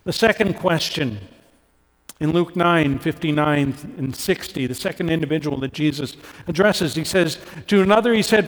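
Earnest preaching man in a reverberant hall. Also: moderate pace. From Canada. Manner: earnest, rises in pitch for emphasis, drops soft when personal. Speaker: pastor. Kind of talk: sermon.

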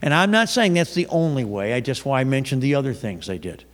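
A man's voice: mid-range voice, sing-song, a little fast. A man preaching a sermon in a loose, conversational storytelling way, often restarting his sentences. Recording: long reverb of a large hall.

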